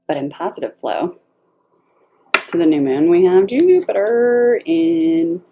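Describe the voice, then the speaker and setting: Tarot reader, woman: laid-back pace, low register, animated and foul-mouthed. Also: slow pace, gravelly, pauses often, slightly rough, faint music behind. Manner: animated, blunt and profane, laughs often. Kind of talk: casual tarot reading.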